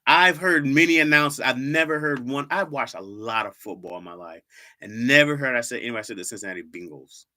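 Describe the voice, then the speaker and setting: A man's voice: medium pitch, a little fast, bright, forceful tone. A man hosting a casual livestream, chatting with his viewers and playfully teasing them, repeating words for laughs. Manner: talks straight to viewers, says "y'all" a lot. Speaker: livestream host.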